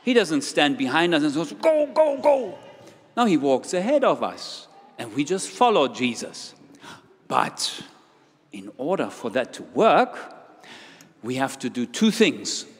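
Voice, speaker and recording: A man's voice: mid-range voice, very animated, measured pace, breathy edge. A man leading an interactive children's sermon in a church, playful and full of questions to his young listeners. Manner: playful, questioning the audience, walking around while talking. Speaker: preacher leading a children's talk. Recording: long hall reverb.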